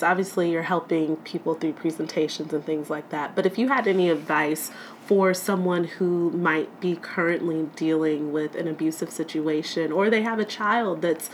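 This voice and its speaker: A woman's voice: lowish voice, slight background noise. A woman hosting a podcast interview, asking long, careful questions. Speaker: podcast host.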